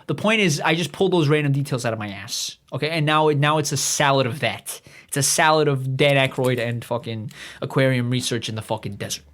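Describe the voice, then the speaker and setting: A man with a fairly high-pitched, fairly bright voice hosts a comedy podcast, rambling through a profane monologue with many restarts. He acts out quoted voices in his own voice.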